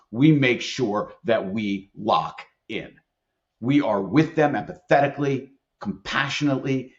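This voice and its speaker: A man's voice: medium pitch, dull audio. A middle-aged man, an employment attorney and leadership expert, talking as a podcast guest, emphatic and earnest as he tells stories. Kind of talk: conversational podcast interview.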